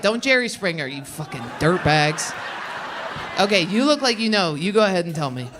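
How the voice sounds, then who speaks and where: A woman's voice: mid-range voice, background noise. Brash profane woman comic working the crowd. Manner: brash, profane, riffing with the audience. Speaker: stand-up comedian. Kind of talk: stand-up crowd work. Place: comedy club stage. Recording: roomy club sound with loud audience.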